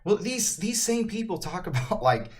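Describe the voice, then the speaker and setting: Forceful, indignant male podcast co-host. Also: sits high, sing-song, normal speed. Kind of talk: casual conversational discussion.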